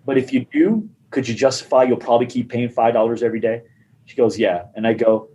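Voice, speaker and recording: A man's voice: medium pitch, fairly quick, rough recording. A man on a podcast telling a sales story in casual talk, acting out the people in it. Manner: animated storyteller acting out dialogue. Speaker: gym marketing guest.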